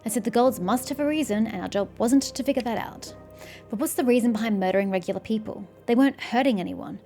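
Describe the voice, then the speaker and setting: A woman's voice: on the high side, fast, warm tone, close to an everyday voice. A woman reading the lines of a remorseful male soldier in prison, blunt and swearing freely, with faint game music behind. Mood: bitter.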